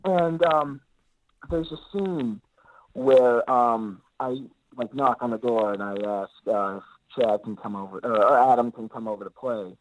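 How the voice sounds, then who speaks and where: A man's voice: medium pitch, measured pace, poor audio. A man being interviewed as an actor guest, talking in an easygoing, rambling way with lots of filler words. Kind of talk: casual interview chat.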